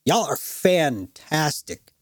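A drunk, aggressively friendly party guy, put on by a man telling a story, gushing with too much familiarity. His pitch swings widely from line to line, and the recording is dry and close. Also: very animated, slow pace, dry recording.

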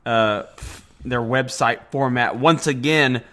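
A young adult man co-hosting a casual podcast chat, rambling with lots of fillers and quick to laugh. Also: mid-range voice, bright, forceful tone. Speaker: podcast co-host.

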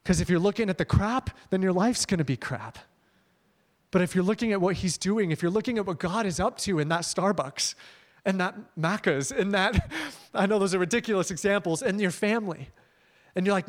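A young man with a high voice gives an energetic, conversational sermon as a missionary speaker, speaking briskly. He tells stories with slides and laughs often.

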